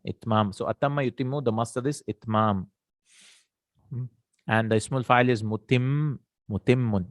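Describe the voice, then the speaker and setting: A man teaching an Arabic grammar lesson, explaining slowly, repeating terms and checking with "right?". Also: on the low side, dry recording.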